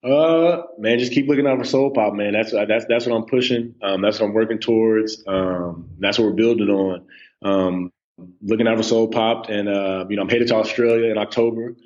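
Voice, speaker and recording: A man's voice: on the low side, fairly even intonation, moderate pace, a little mellow. Man, 30s, podcast guest, easygoing, filler-heavy talk, muffled audio. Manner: laid-back, filler-heavy with many um and you know. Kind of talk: casual interview chat.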